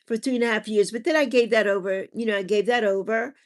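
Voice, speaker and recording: A middle-aged woman chatting on a livestream in a slightly high voice. She talks softly and warmly to her viewers, consoling them about loss, and now and then her voice catches with tears. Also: fast. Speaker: livestream host reading viewer comments. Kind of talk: casual livestream chat.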